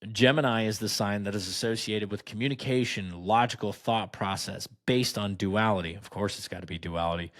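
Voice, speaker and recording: A man hosting a podcast, reading items aloud and riffing on them with mocking, sarcastic asides. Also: fairly low pitch. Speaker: podcast host. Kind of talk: casual sarcastic commentary.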